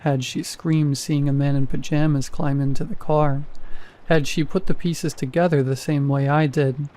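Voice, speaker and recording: A man reading a first-person horror story in a measured, even storytelling manner. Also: a little high. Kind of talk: scripted horror narration.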